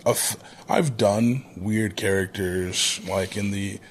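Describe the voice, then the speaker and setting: Measured, deliberate low-voiced man. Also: fairly even intonation, slight background noise. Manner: measured, deliberate delivery with frequent restarts. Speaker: podcast guest, wrestler. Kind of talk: thoughtful interview talk.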